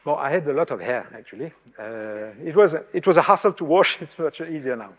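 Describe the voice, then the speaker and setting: Man, from France, professor lecturing, hesitant restarts, long hall reverb. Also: on the high side. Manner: halting, many fillers and restarts, self-deprecating humour. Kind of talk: public lecture.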